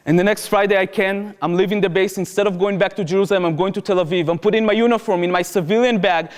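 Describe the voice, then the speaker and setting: A young man with an Israeli accent, speaking in a fairly high voice, tells a personal story to a lecture audience. He acts out the people he quotes and sometimes climbs to a shout. His voice carries a long reverb from the hall. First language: Hebrew. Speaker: speaker at a public talk.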